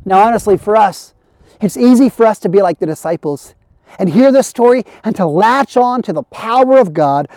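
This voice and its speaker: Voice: mid-range voice, dark tone, no echo, clean studio sound. A pastor preaching an earnest sermon for an online service, building through repeated phrases.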